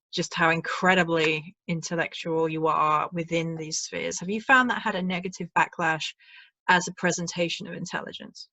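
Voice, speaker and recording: A woman's voice: on the low side, a bit bright, no room sound. A woman, hosting a casual video chat and laughing often. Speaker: host.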